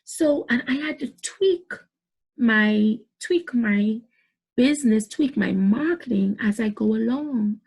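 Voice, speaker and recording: A woman's voice: a little high, expressive, takes it slowly, creaky, darkish tone, husky. A middle-aged woman, giving emphatic motivational business advice to camera and repeating points for stress. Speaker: business coach.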